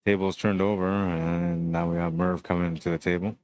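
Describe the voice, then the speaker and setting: A man with a low voice calls a pool match live, talking through each shot in a relaxed, chatty way. Between shots he greets viewers of the stream one by one. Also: moderate pace.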